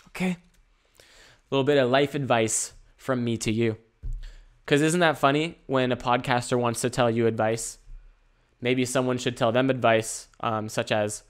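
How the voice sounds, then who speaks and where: A man's voice: mid-range voice, moderate pace, clear, resonant tone. Solo podcast host, male, rambling, jokey and laid-back, mid-range voice. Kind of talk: casual solo podcast monologue.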